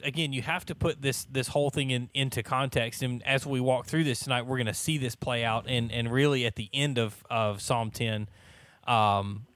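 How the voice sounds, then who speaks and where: A man's voice: medium pitch, a bit bright, dry recording. Joking man leading a Bible study. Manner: joking, laughs often, many restarts. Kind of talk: casual church Bible study chat.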